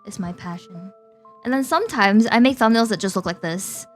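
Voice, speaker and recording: A young woman VTuber chats casually with her viewers at normal speed, her mid-range voice giggly and talkative, with frequent laughter between phrases. Faint music plays in the background.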